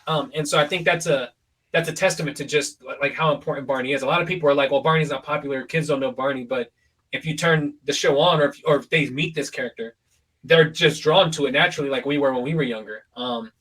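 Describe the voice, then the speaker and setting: A young man hosts a casual podcast, rambling along with many "likes" and "ums." His voice sits a bit high and sounds bright and forceful. He is a little far from the mic. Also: fast, breathy edge. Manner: relaxed and rambling, full of fillers and likes. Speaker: podcast host.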